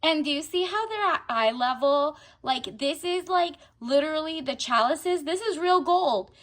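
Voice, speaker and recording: A woman's voice: high-pitched, expressive, normal speed, a bit bright. A woman giving a casual, slangy tarot reading to her viewers, often acting out their thoughts in quotes. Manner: chatty, slangy, acts out the viewer's inner voice. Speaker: tarot reader.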